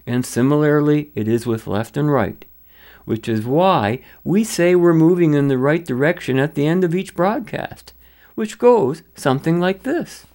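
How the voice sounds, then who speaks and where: A man's voice: a little high, a little slow, a little mellow. A man hosting a broadcast, delivering scripted commentary in an emphatic, lecturing way. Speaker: radio host.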